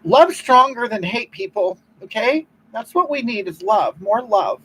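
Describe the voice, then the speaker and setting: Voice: lively intonation, a little slow, fairly bright tone, husky, low-quality recording. A performer playing a self-righteous older woman who hosts a livestream, rambling and preaching about love while reading the chat. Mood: gushing. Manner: rambling, keeps repeating "you know what?", swoops up and down in pitch. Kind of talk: comedic improvised livestream monologue.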